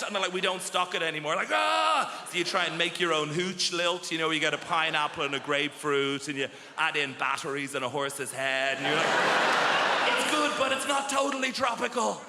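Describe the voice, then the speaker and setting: A man's voice: fairly high pitch, fairly even intonation, quick pace, hardly any pauses, very noisy. A male stand-up comedian performing a set on a theatre stage, animatedly acting out the voices of people in his stories. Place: large theatre stage with a laughing audience. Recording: echoey theatre hall with loud crowd.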